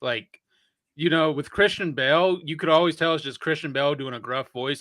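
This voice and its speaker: A man's voice: on the high side, moderate pace, fairly bright tone, no room sound. A man giving a casual, enthusiastic film review on a podcast, using "like" a lot and recorded close and dry.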